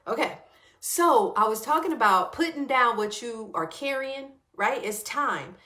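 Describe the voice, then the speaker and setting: A woman's voice: fairly high pitch, big pitch swings, unhurried. A woman hosting a casual wellness livestream, talking loosely to her viewers and greeting them by name as she goes. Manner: warm, chatty, greets viewers by name mid-talk.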